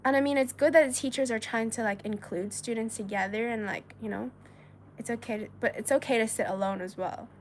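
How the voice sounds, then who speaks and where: On her casual livestream, a woman from China reads viewer messages aloud, giggling and chatting with plenty of filler words. She speaks a little fast in a highish voice with fairly even intonation, and the audio carries a slight hiss or hum.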